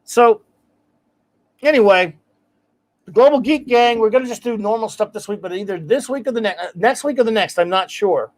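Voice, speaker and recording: Man, high-pitched voice, livestream host, rambling and eager, warm shout-outs, casual chat. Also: moderate pace. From United States.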